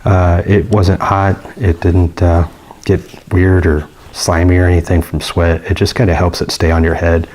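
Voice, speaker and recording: A man's voice: low-pitched, level tone, moderate pace, darkish tone, slight background noise. A man giving a casual, rambling product review with many fillers and restarts. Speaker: gear reviewer.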